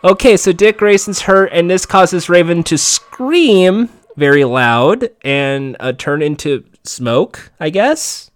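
A man talks through a TV episode in a casual, offhand play-by-play, sarcastic and quick to swear. His voice sits a little high and sounds smooth, and he takes his time. The recording is dry and close. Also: lively intonation, no room sound. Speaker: TV episode recapper. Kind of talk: casual play-by-play recap commentary.

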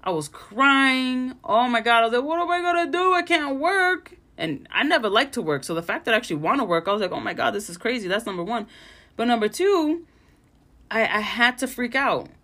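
A woman in her thirties hosting a solo podcast, chatting casually and bluntly, swearing freely and telling stories with animated put-on quotes. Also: a little high, fairly quick. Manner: blunt, profane, animated storytelling. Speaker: podcast host.

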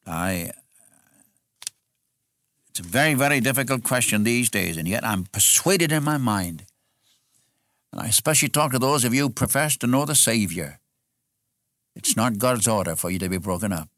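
A man's voice: mid-range voice, expressive, normal speed, long pauses, a bit bright, no room sound, clean studio sound. A man preaching an expository sermon in an earnest way, repeating phrases for emphasis.

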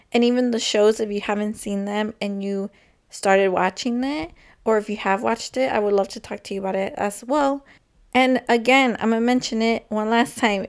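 A young woman hosts her own podcast solo, chatting casually and rambling with lots of filler words. Her voice is a little high, slightly mellow and smooth.

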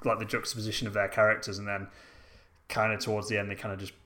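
A young man in relaxed chat about a film. He retells scenes at an easy pace and acts out the characters' quotes. His tone stays laid-back. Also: fairly low pitch, racing.

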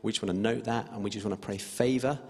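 Low-pitched man pastor, casual and filler-heavy, reverberant hall. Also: steady tone, quick pace, slightly rough. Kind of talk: live-stream prayer list.

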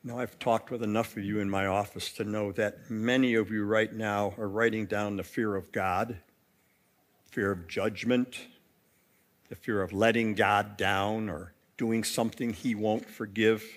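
A male pastor preaching a sermon in an expressive way, with wide swings in pitch and loudness. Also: measured pace. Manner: acts out quotes in storytelling.

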